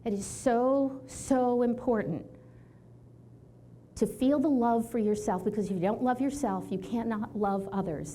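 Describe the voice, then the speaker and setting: A chiropractor in her sixties giving an animated storytelling talk to an audience, acting out the people she quotes. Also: medium pitch, slight background noise. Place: event hall with audience.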